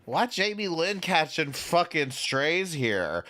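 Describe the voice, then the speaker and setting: A man's voice: on the high side, big pitch swings, slow, bright, forceful tone. A man hosting a reaction commentary, incredulous and sarcastic, with frequent swearing. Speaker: commentary host.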